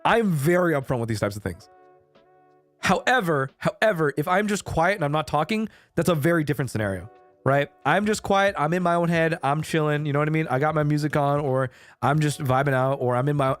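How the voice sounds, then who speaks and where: A man streaming a casual chat, laid-back and swearing casually, with faint music behind him. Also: on the high side. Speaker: VTuber streamer.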